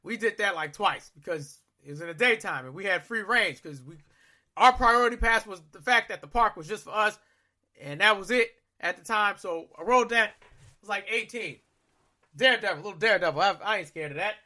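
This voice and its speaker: A man in his thirties with a high, bright voice tells a story in easygoing podcast chat. He is animated and acts out his own reactions, sometimes breaking into loud shouts. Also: fairly quick. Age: 30s. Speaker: podcast co-host. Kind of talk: casual storytelling.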